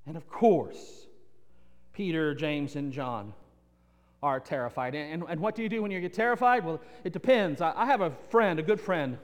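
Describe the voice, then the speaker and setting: Preaching in a high voice, the pastor drives his points home with repetition and slips in playful asides, while his words echo with a long reverb, as in a church.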